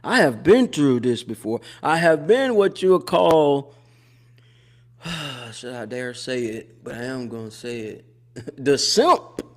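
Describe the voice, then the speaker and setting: A man, hosting a live show with a casual, animated commentary monologue that repeats phrases and laughs often. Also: medium pitch, slow.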